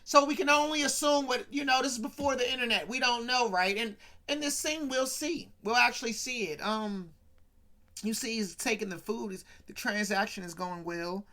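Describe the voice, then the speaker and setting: A man's voice: moderate pace, bright, forceful tone. A man hosting a casual talk show, retelling a comedy sketch with asides to viewers and jumpy voices for quotes. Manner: chatty, asides to viewers, mimics quotes with pitch jumps. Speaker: podcast host.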